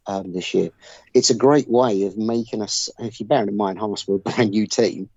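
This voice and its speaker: Low-voiced man mulling things over. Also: dry recording, lo-fi sound. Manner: thoughtful, hesitant with many fillers. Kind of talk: casual chat.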